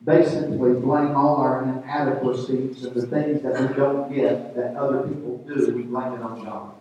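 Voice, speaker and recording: A man's voice: mid-range voice, flat delivery, normal speed, far from the mic. A man preaching a sermon as pastor, calling out to the congregation. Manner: preaching with call-and-response to the congregation. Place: church sanctuary. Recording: echoey hall, picked up from afar, dull sound.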